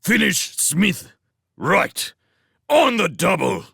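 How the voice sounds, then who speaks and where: A man voicing a gruff male squad leader who barks short, shouted orders in a storybook reading. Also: sits high, wildly swooping pitch, a little slow, no echo, studio quality, pitched above the performer's own voice, full character voice. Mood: screaming. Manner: curt shouted commands.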